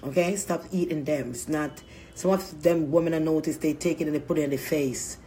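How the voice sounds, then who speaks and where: A woman's voice: deep voice, steady tone, fairly quick, warm tone, slight background noise. A woman vlogger talking in a rambling, crude casual monologue, often laughing mid-sentence.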